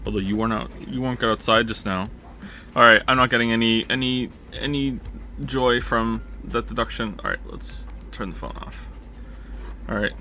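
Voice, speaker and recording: A man's voice: medium pitch, fairly even intonation, normal speed, sharp tone, a little hiss or hum. A man chatting casually on a stream, rambling and joking and correcting himself mid-sentence. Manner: rambling, self-correcting, jokey.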